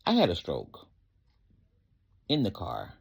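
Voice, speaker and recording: A middle-aged man tells his own story in a fervent, folksy, rambling way. His voice sits a little low. He keeps breaking off to give thanks to God. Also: huge pitch swings, slow, gravelly, slightly rough. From Atlanta area, US. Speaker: storyteller recounting a personal event. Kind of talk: emotional personal testimony.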